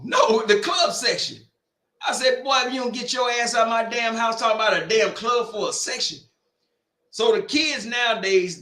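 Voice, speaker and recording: A man's voice: high voice, echoey room. Boisterous joking man in his forties. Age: 40s. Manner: loud, boisterous, joking, drawn-out tangents. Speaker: host of a sports watch-party stream. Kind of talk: casual storytelling chat.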